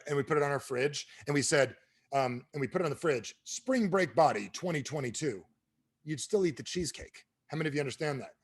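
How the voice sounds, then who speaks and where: A man giving a motivational business talk on a training call, asking the audience questions and swinging between booming and hushed delivery. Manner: animated, asks the audience questions. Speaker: speaker at an online training call.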